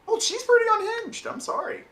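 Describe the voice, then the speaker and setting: A man's voice: very high-pitched, big pitch swings, fairly quick, sharp tone. A man co-hosting a podcast who makes provocative, offhand remarks in casual banter. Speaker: podcast co-host.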